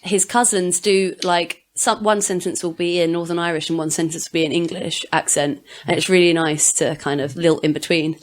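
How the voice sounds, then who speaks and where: Lower-voiced woman chatting with lots of fillers. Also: steady tone, normal speed, few pauses. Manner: chatty, full of fillers, meandering. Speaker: podcast co-host. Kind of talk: casual chat.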